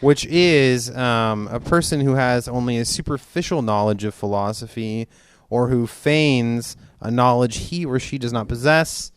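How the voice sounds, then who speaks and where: A man co-hosting a podcast in casual chat, easygoing and quick to laugh as he explains words. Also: medium pitch. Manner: easygoing, laughs often, explains word definitions. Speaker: podcast co-host.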